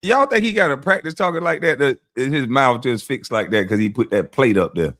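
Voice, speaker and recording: A man's voice: medium pitch, expressive, fairly quick, a bit bright, dry recording, studio quality. A man ranting casually on his vlog, mocking and profane, often laughing. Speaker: vlogger and commentator.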